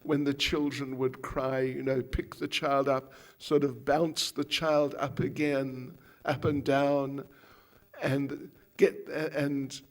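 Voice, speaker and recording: A man giving a storytelling lecture to devotees as a spiritual teacher, animated and acting out the voices in his stories. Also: medium pitch, takes it slowly.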